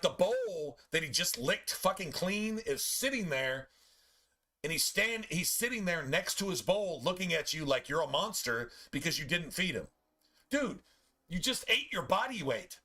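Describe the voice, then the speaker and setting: A man chatting casually while streaming a game, telling profane, animated stories about his pets. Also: fairly high pitch. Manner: animated, profane storytelling with playful put-on pet voices.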